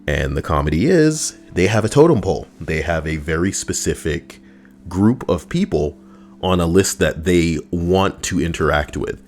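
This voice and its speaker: A man's voice: low voice, animated, moderate pace. A man giving crude, mocking comedic reactions to stories he reads out, ranting as he goes. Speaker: online commentator.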